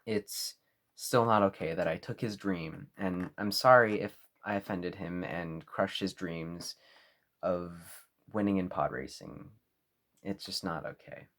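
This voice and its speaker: A young man talking to camera in a mock-serious apology video, over-earnest and halting. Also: deep voice, fairly bright tone. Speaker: vlogger.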